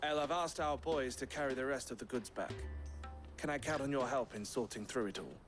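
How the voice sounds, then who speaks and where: An actor playing a wry, smooth-talking smuggler brother in a video game cutscene, with music behind. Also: male voice, mid-range voice, fairly quick, close to an everyday voice. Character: sly smuggler man, Eloise's brother Theodore.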